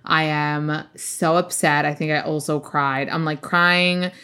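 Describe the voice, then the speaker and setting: In a laid-back podcast chat, this young co-host wanders from topic to topic and leans heavily on fillers. She speaks unhurriedly in a low, steady voice that sounds smooth yet pushed and bright.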